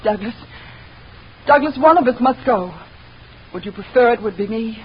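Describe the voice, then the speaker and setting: An actress playing a tense, emotional young wife in 1940s radio-drama style. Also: female voice, on the high side, lively intonation, moderate pace, a little hiss or hum, natural voice. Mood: angry. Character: young wife, anxious and jealous. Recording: dull lo-fi old radio recording.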